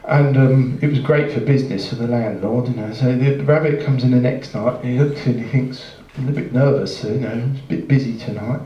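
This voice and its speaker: A man telling a long, rambling joke on a jazz club stage, halting and self-mocking as he goes. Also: mid-range voice. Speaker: musician telling a joke between sets. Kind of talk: rambling live shaggy-dog joke. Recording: distant, roomy, dull live club recording.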